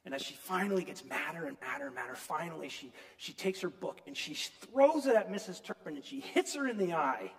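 A man preaching a sermon, retelling a story in an animated, emphatic storytelling manner. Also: sits high, a little fast, gravelly, few pauses, big-room sound.

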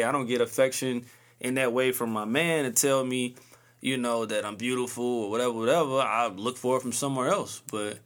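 A man's voice: medium pitch, a bit bright. Laid-back man rambling on a podcast. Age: early 30s; 30s. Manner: laid-back, rambling slang-heavy talk. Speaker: podcast host. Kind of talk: casual solo podcast monologue.

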